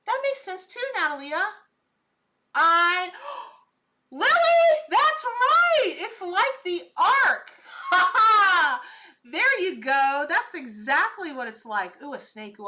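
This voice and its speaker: A woman's voice: on the high side, bright, forceful tone. A middle-aged woman, hosting a live stream and chatting with viewers, gushing and exclaiming. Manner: chatty and gushing, exclaiming at what she sees. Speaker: livestream host, tarot and spirit animal reader.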